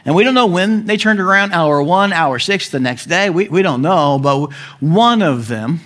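Animated high-voiced male preacher. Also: normal speed. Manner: animated storytelling, acting out voices, chuckling. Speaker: pastor. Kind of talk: sermon.

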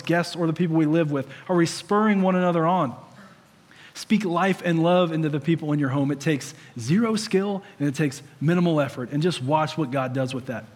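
Pastor, male, 30s, conversational sermon with humor, slightly high voice, echoing hall.

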